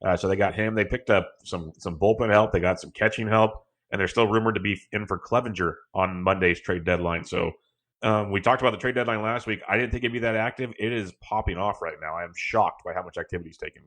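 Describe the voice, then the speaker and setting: A man co-hosting a sports podcast, giving quick, confident analysis in a casual tone. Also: lowish voice, a bit bright. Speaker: podcast co-host.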